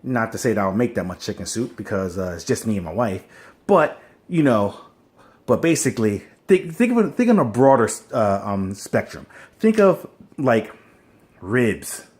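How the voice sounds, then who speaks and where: A man's voice: fairly low pitch, animated, normal speed, a little mellow. A man in casual, rambling talk, unboxing a kitchen appliance at home and filming on a phone propped on a stand. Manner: laid-back, rambling, slangy. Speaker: unboxing vlogger. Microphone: phone on a wobbly stand.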